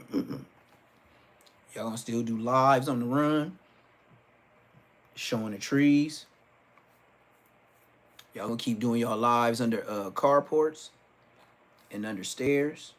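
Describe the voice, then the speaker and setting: A man's voice: medium pitch, slow pace, long pauses. A middle-aged man, telling joking stories on a livestream and acting out quotes. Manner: joking, storytelling with acted-out quotes. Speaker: livestream host. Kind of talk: casual livestream rant.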